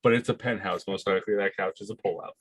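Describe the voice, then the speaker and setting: A man narrating as game master of a tabletop game, halting with many fillers and frequent laughter. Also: lowish voice, fairly even intonation, slightly rough, no room sound.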